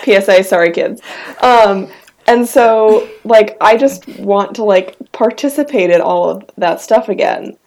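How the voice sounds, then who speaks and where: A woman's voice: mid-range voice, a little slow, darkish tone. Hesitant young woman, rambling podcast talk. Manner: rambling, hesitant, lots of ums. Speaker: podcast co-host. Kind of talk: casual group chat.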